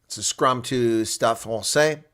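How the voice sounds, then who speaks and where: Excitable bright-voiced male rugby commentator. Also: mid-range voice, unhurried. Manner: chatty, addresses viewers as folks, bursts into loud excitement on big plays. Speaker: live watch-along rugby commentator. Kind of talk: live reaction play-by-play commentary. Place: home setup streaming a reaction broadcast.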